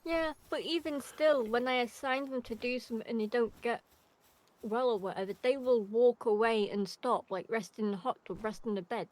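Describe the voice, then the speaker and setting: A tired, low-energy woman streaming a game, chatting quietly and laughing often, close to her microphone. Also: normal speed, low-quality recording. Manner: quiet, laughs often, speaks softly right into the mic. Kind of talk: casual gaming chat. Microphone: desk microphone at close range.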